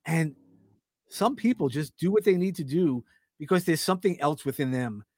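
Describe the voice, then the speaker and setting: The Brooklyn man's fairly high voice moves at an ordinary speed in this casual podcast talk. Animated storytelling with acted-out quotes and many restarts comes through in echo-free studio sound.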